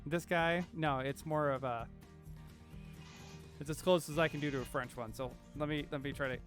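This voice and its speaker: A man running a tabletop game as game master, narrating in a relaxed, hesitant way. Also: fairly high pitch, normal speed, faint music behind.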